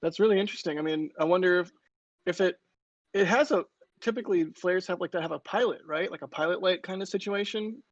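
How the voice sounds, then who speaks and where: A man's voice: high-pitched, quick pace, dry recording, highs cut off. A man co-hosting a casual livestream, joking and rambling with frequent restarts. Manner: joking, rambling, self-interrupting. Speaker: livestream co-host.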